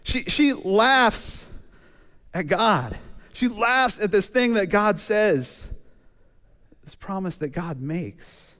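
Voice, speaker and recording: A man preaching a sermon in a relaxed, conversational way, telling stories and acting out quotes. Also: high-pitched, slow pace. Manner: conversational, animated storytelling with acted quotes. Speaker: pastor. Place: church sanctuary. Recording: church hall reverb.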